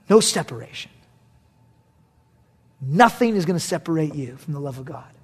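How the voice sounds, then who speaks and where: A male pastor with a high voice preaches a sermon. He is animated, swinging between loud bursts and hushed, near-whispered passages.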